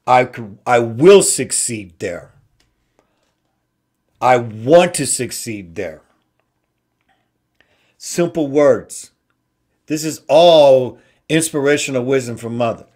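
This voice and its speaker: A man hosting an inspirational talk show, slowly repeating simple phrases with emphasis. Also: mid-range voice, animated, darkish tone. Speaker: host.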